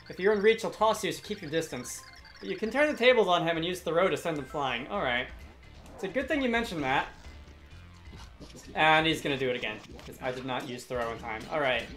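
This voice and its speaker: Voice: mid-range voice, fairly bright tone. A let's play commentator giving rambling, chatty, self-deprecating commentary over a game. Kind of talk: casual video game commentary. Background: game music.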